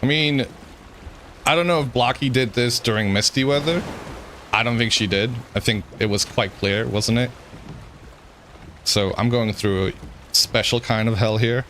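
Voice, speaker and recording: A man's voice: mid-range voice, normal speed, long pauses, fairly bright tone, a little hiss or hum. A man streaming a game, giving rambling, self-mocking commentary and chuckling often. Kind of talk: gameplay commentary.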